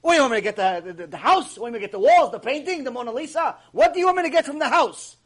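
Guy putting on a sharp-tongued wife, high and husky, keeps firing questions. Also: expressive, racing, full character voice. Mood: indignant teasing. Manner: teasing, indignant questioning. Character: wife of middle age, loving and quick-witted.

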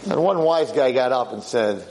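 A man giving a religious lecture, telling a story in an animated way and acting out the characters' words. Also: mid-range voice, normal speed, slight background noise, poor audio. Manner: animated storyteller, acts out quotes. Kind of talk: sermon storytelling.

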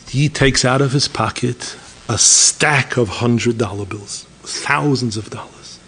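Man, gravelly rabbi type, animated sermon storyteller over faint noise. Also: takes it slowly. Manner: animated storyteller, acts out dialogue, rises to high emphatic exclamations.

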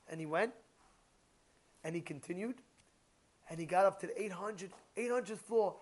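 A man giving a Torah class as a rabbi, animated, repeating points and asking his listeners rhetorical questions. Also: high voice, normal speed, long pauses.

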